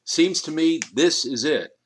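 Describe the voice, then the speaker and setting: A man's voice: a little high, measured pace, slight background noise, pitched above the performer's own voice, natural voice. A man reading aloud and voicing an enthusiastic male cable television executive. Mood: approving.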